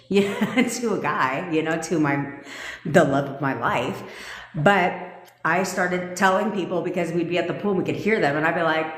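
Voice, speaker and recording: A woman's voice: low-pitched, normal speed. A sassy, foul-mouthed woman, a manifestation coach, telling a personal story in a casual livestream and laughing as she goes. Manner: brash, profane and sassy. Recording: echoey room with long reverb.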